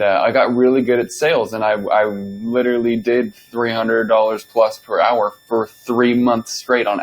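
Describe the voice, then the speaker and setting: A young man talks straight through a story on his own podcast, loose and unscripted. His voice sits a little low, and he swears freely as he acts out the lines he once spoke. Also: rough recording. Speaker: podcast host. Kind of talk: casual storytelling monologue.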